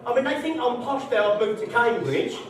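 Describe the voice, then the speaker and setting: A man's voice: very high voice, very animated, fairly quick, very echoey, recorded from a distance. A man performing a live stand-up set in a social club, brash, sweary and mocking. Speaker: stand-up comedian. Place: social club comedy night, indoors.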